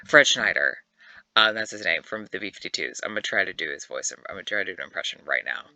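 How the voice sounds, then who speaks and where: A young man and YouTuber giving casual, animated commentary to camera, chatty and swearing freely. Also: low voice, fast, no echo. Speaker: YouTuber ranking reality-show contestants.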